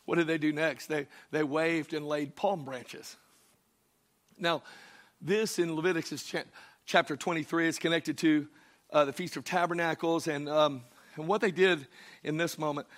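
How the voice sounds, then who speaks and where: Pastor guy preaching, high bright voice, goes from calm teaching to shouting. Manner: shifts between shouted exhortation and quiet explanation. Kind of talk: sermon.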